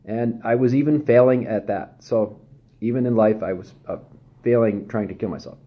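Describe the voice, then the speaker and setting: A man giving a candid, self-deprecating personal testimony, speaking haltingly with frequent pauses and restarts. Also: fairly low pitch, highs cut off. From Southern California.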